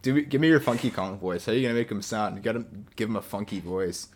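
A man co-hosting a podcast in animated, joking casual chat. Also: fairly low pitch, slight background noise. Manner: animated, joking, quick to laugh. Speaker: podcast co-host.

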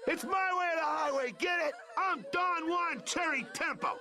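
A man putting on a bossy, shouting voice as he mimics a friend barking orders. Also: very high-pitched, normal speed, voice pushed up, full character voice.

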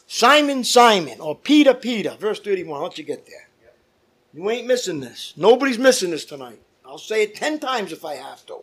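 A man's voice: high voice, sing-song, moderate pace, fairly bright tone, slightly rough. A man preaching a fervent sermon as pastor, calling out to his congregation. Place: church.

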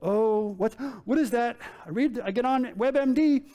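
Guy acting out a panicky prophet begging god, high voice, bargaining fast. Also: warm tone. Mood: frantic pleading. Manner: frantic, bargaining, rising pitch.

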